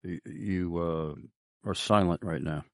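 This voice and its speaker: Male interviewer, very low voice, hesitant questioning style, dry recording. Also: steady tone, slow pace, no echo. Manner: hesitant, with frequent fillers.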